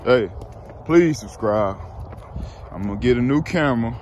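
A man's voice: medium pitch, animated, measured pace, darkish tone. Laid-back man vlogging outdoors. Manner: laid-back, chatty, coaxing. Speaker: vlogger, dog owner. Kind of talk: casual vlog talk. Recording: noisy outdoor street sound.

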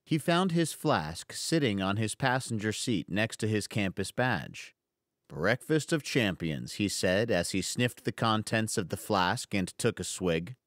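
A male audiobook narrator with a low voice that moves a lot in pitch, reading in an expressive way. The sound is close and dry, with no room echo. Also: measured pace, hardly any pauses. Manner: expressive storytelling.

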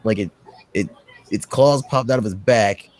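A man hosting a podcast, recapping a movie in casual, profane, rambling chat and acting out quotes in a high voice. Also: a little slow. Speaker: podcast host.

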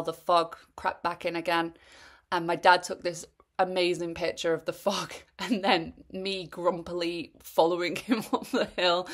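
Lowish-voiced woman recapping a race. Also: a bit bright. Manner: chatty, rambling storytelling. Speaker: runner reviewing a race. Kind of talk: casual spoken race recap.

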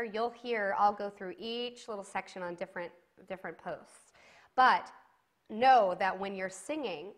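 A woman teaching a singing lesson to camera, giving encouraging instructions and demonstrating sung vowels between them. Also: medium pitch.

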